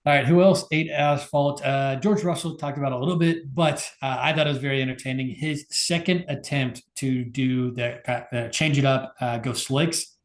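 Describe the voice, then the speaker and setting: A man's voice: medium pitch, fairly even intonation, moderate pace, hardly any pauses, roomy sound. A man co-hosting a podcast, talking in a laid-back, casual way with lots of fillers. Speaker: podcast co-host. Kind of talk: casual chat.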